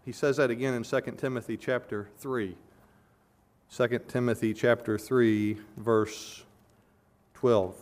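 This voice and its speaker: A man preaching an expository sermon as pastor, earnestly, swelling loud on key words and then dropping low. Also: steady tone, a little slow.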